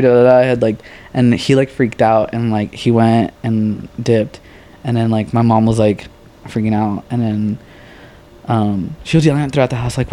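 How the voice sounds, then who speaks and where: A man's voice: medium pitch, moderate pace. A young man, a podcast guest, telling stories in casual chat and acting out the voices of people in them. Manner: animated, acts out quoted voices, swears casually.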